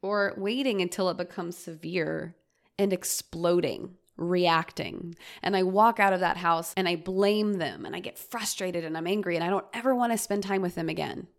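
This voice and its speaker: A woman's voice: on the low side, normal speed. A woman hosting a solo podcast, talking earnestly and reflectively and acting out her own quoted lines. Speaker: host.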